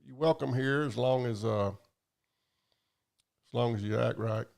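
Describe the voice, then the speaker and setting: This man, a livestream host, drawls through a rambling, profane chat while going over comments from viewers. His mid-range voice is gravelly and unhurried, with a darkish tone.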